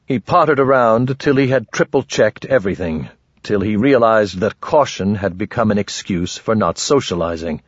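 A man narrating a fantasy story in a measured, even reading. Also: lowish voice, breathy edge, no echo. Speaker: audiobook narrator. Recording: dry, dull close-mic audio.

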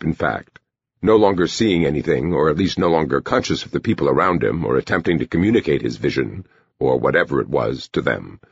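A man narrating a novel in a measured storytelling manner. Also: a bass voice, gravelly, breathy edge, no room sound. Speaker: audiobook narrator. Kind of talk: scripted narration. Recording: dull lo-fi recording.

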